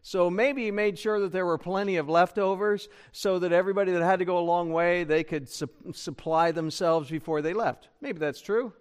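A man's voice: high-pitched, moderate pace, hardly any pauses, smooth. A man preaching a sermon as pastor, conversational and full of rhetorical questions to the congregation. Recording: church broadcast recording.

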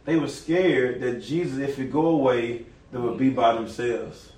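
A man preaching a folksy, animated sermon in a nursing home, talking straight to his listeners. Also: medium pitch, a little slow, far from the mic. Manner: animated, folksy, talks directly to the audience. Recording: echoey room, recorded from afar.

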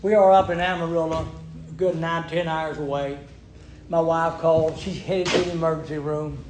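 An older man with a high-pitched voice tells folksy ministry stories, chuckling and repeating himself. He sounds like he's in an echoey church hall. A steady background hiss sits under him. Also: moderate pace. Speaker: ministry worker. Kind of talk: folksy testimony storytelling. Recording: echoey room with background noise.

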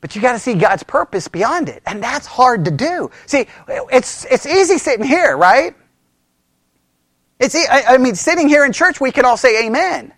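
Guy teaching bible study at church, really high voice, swings all over the place, super animated. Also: normal speed, dry recording, clean studio sound. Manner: animated, emphatic, acts out voices. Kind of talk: informal teaching sermon.

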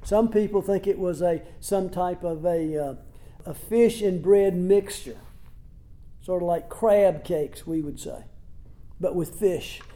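Man, pastor, sermon, high voice, warm mellow tone, conversational, rhetorical questions. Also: slow. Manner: retells scripture scenes in everyday words. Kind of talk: expository sermon.

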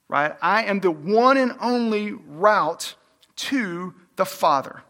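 A pastor preaching a sermon, emphatic and repeating key phrases for stress. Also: male voice, high voice, animated, slow, bright, forceful tone, long reverb tail.

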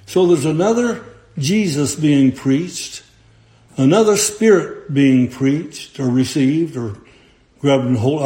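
Man preaching real slow, mellow voice, echoey room. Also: a little high. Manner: slow, deliberate preaching with old-fashioned scripture phrasing. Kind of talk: sermon.

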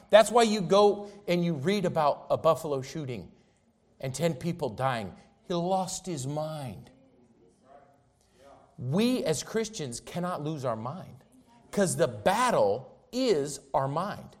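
A male preacher delivers a sermon in a lively voice that climbs and drops widely. He takes his time, repeating key words with emphasis and swinging between loud and quiet. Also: a little high, slow pace.

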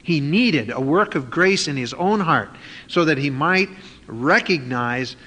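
Man, preacher, bright forceful voice, sermon, reading verses then explaining, echoing hall. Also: a little high, expressive, unhurried. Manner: reads scripture aloud, then explains in plain asides.

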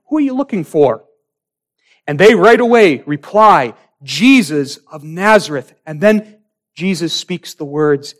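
A man delivers a sermon in a slow, deliberate cadence. His voice sits high for a man. He leans hard into key words, then drops almost to a murmur, building drama line by line. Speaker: preacher.

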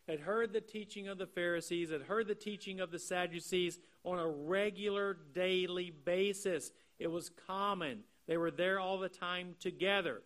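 A man preaching an expository sermon. He explains the text earnestly and slows down to stress key phrases. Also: sits high, a bit bright. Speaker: pastor.

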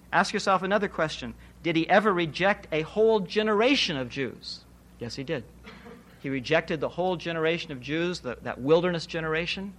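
Delivering an expository sermon, this preacher speaks in a voice slightly higher than most men's. He stays steady and emphatic, using rhetorical questions and repetition to press each point.

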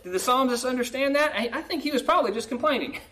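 In a high, expressive voice that sounds pushed and bright, a preacher moves quickly through a sermon, reading a psalm in archaic wording and unpacking it in everyday speech. He often checks in with a "right?" and turns pleading when giving voice to the lament, with some hiss or hum in the background.

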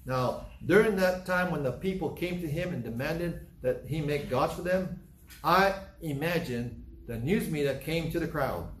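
A man's voice: a little high, moderate pace, reverberant, a little hiss or hum, poor audio. A man preaching a sermon in a conversational way, acting out scenes in different voices. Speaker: pastor.

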